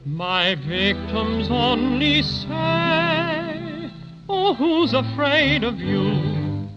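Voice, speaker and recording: An actor playing a small, good-natured male teddy bear with an Irish brogue, who sings a slow growling rhyme and chats kindly. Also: very high voice, big pitch swings, over loud music, exaggerated voice. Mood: sing-song. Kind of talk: 1930s radio acting. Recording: dull old radio recording.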